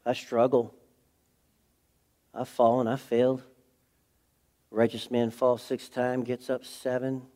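A pastor giving a sermon, earnest and confessional, swinging from a hushed intimate tone to fervent preaching. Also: male voice, medium pitch, flat delivery, slow pace, pauses often. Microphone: speaking to a camera.

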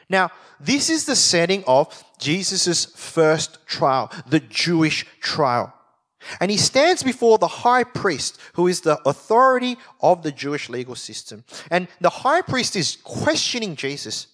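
A man's voice: high voice, big pitch swings, measured pace, a bit bright. A man teaching a Bible study in sermon style, explaining with emphasis and reading scripture aloud.

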